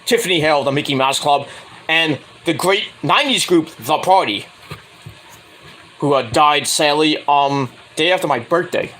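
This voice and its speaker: Lively, bright-voiced man reviewing wrestling. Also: a little high, normal speed. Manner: rambling, crude asides, jumps into loud impressions. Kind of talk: casual solo review.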